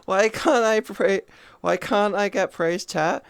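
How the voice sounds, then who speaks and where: Male streamer, slow unhurried talk, gravelly edge, smooth voice, playful teasing, cooing praise. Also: sits high, no echo. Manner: playful, teasing chat banter. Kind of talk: casual livestream chat.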